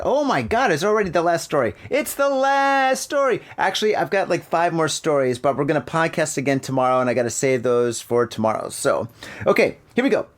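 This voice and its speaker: A man hosting a podcast, reading news stories and riffing on them in an animated, profane, joking way. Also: a little high. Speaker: podcast host. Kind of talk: casual news commentary.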